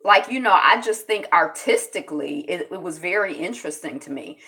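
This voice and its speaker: A woman hosting a casual live news commentary, chatting with viewers and greeting them by name, sometimes breaking into loud exclamations. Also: fairly low pitch, expressive, vocal fry. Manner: chatty, greets viewers in the chat, quick laughs. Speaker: host of a news commentary channel.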